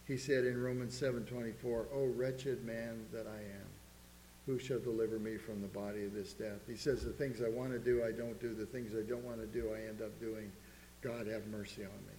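A man's voice: mid-range voice, darkish tone. Preacher man in an echoey hall. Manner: earnest preaching, reads scripture aloud. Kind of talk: sermon. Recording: echoey hall with faint hum.

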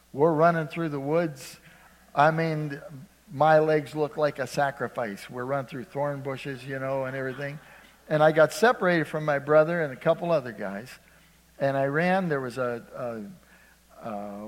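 An older man from Ohio preaching a sermon, shifting between loud emphasis and hushed, conversational storytelling. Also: medium pitch, big-room sound. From Ohio, USA.

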